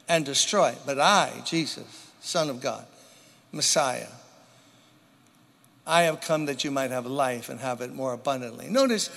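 A man preaching a sermon to a church congregation, with dramatic pauses and emphatic repetition. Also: mid-range voice, creaky, a bit bright. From New York. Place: church sanctuary. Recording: long hall reverb.

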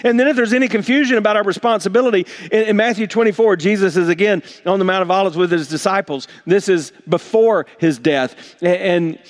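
A man's voice: high-pitched, a little fast, few pauses. A man preaching a sermon to his congregation, earnest and emphatic, often repeating and restarting words. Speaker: pastor.

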